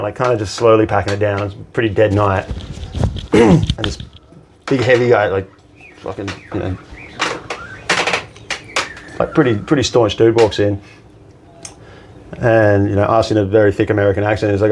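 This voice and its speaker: Gravelly man telling bar stories. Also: fairly low pitch, normal speed, pauses often, background noise. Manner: animated anecdote teller, swears, acts out quotes. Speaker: podcast guest, bartender. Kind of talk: casual storytelling chat.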